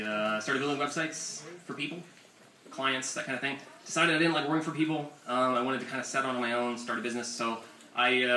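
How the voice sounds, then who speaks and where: Young man telling profane comic stories. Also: medium pitch. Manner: profane, animated and self-mocking. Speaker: comics author giving a talk. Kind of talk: comic storytelling presentation. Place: bookstore event space, indoors. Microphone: audience camera far from the speaker. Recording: roomy, distant audience recording with ambient noise. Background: room ambience.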